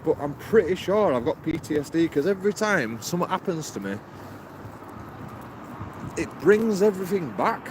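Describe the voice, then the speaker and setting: A man's voice: on the high side, big pitch swings, normal speed. A man livestreaming outdoors in town, rambling in an exasperated way and laughing nervously. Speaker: livestreaming auditor. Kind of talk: rambling live-stream vlog. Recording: noisy street traffic behind.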